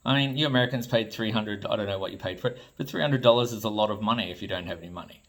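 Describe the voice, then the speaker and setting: A man's voice: lowish voice, racing, fairly bright tone. An Australian man, a toy designer, ranting to camera in an exasperated, blunt way and swearing freely. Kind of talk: ranting vlog commentary.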